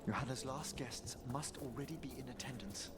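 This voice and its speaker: An actor playing a calm, scholarly male mage companion in a fantasy game, explaining things in a measured way. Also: mid-range voice, heavy background noise, lightly acted.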